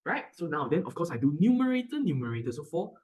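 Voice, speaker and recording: Animated fast-talking Singaporean tutor. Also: male voice, on the high side, rough recording. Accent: Singaporean English. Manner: animated, keeps checking understanding. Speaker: math tutor. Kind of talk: classroom math lesson.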